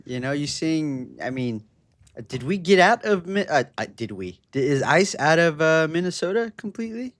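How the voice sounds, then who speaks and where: Brief: hesitant male podcast guest, slightly high voice, dry close sound. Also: big pitch swings, moderate pace, no room sound. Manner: agreeable, hesitant, rambling. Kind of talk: casual chat.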